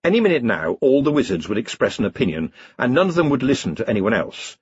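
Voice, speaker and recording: A man narrating an audiobook in a wry, expressive storytelling manner. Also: mid-range voice, quick pace, breathy edge, dry recording, dull audio. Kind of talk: scripted narration.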